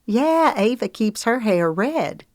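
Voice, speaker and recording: A woman's voice: on the high side, very animated, slow, a little mellow, no echo, studio quality, voice pushed up. A woman doing an anxious young twin sister. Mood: nervous. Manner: worried, tight voice.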